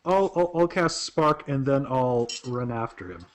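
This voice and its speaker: A man taking part in a tabletop game as a player. He talks casually, stalling with small hesitations. His pitch swings in a lively way. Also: unhurried.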